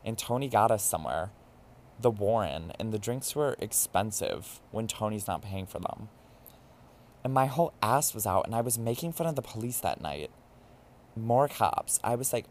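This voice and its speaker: A man hosting a podcast, telling a drunken night-out story in a campy, animated, casual way. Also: fairly low pitch, moderate pace, slight background noise. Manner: campy and animated, mimics voices in quotes. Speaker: podcast host. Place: New York.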